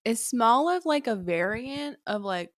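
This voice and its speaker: A woman's voice: a little high, expressive, measured pace, dry recording, studio quality. Giggly woman asking curious questions. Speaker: podcast co-host. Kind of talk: casual podcast chat.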